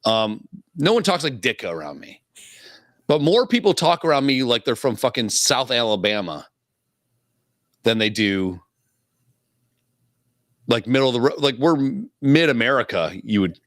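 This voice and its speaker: A man's voice: mid-range voice, very animated, moderate pace, pauses often, fairly bright tone, no echo, clean studio sound. A man co-hosting a podcast, talking casually and swearing freely, with frequent chuckles. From Illinois. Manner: laid-back, profane, chuckles often. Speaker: podcast co-host.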